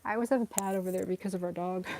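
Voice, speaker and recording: A cat rescue livestreamer, a young woman, chats from home while her rescued cats play around her. Her voice is mellow and steady in tone but racing in pace, with a faint hiss or hum. She giggles a lot and coos at the cats in a high, coaxing way.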